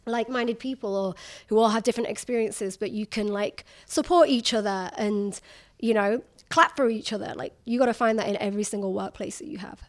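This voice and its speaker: A woman in her thirties with a slightly high voice talks candidly about her work. She laughs often and acts out the people she quotes in animated bursts. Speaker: journalist guest. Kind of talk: candid conversational storytelling.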